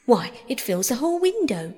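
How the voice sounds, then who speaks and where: A woman's voice: on the high side, sing-song, normal speed, warm tone, in a large hall, voice pushed up. A woman doing the fussy White Rabbit. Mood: scolding.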